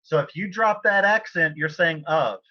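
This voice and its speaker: A man teaching a Spanish class online, talking informally and often clearing his throat. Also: fairly high pitch, normal speed, muffled recording.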